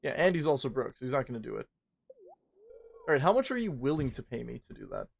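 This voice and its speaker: Gravelly, foul-mouthed male streamer. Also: medium pitch, sing-song, fast talker. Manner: profane, rambling, joking. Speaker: livestreamer. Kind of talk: casual stream chat.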